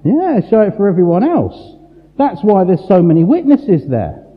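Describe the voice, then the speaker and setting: Emphatic preacher in a big echoing hall. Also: male voice, sits high, huge pitch swings. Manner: emphatic, rhetorical questions, dramatic pauses. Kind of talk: sermon. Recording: tinny phone-like sound in a large reverberant hall.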